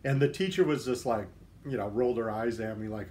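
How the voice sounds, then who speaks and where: A man's voice: medium pitch, fairly quick, darkish tone, a little hiss or hum. A man hosting a livestream, chatting casually with viewer comments and cracking self-deprecating jokes. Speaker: livestream host.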